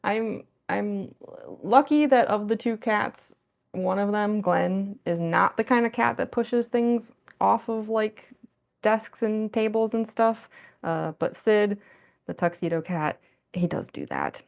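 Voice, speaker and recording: A woman artist talks casually to her livestream audience from her home desk, chatty and often breaking into giggles. Her voice sits at an ordinary middle pitch with a noticeable creaky, gravelly fry. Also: slow pace. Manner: chatty and giggly, with frequent laughs. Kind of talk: casual livestream chat while drawing.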